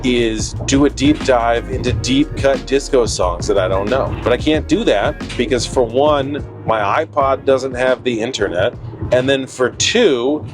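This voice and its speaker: A man's voice: mid-range voice, measured pace, over music. A man vlogging casually about working as a DJ, telling stories in a chatty, self-deprecating way. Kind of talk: casual vlog talk to camera. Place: in a car and at a wedding venue.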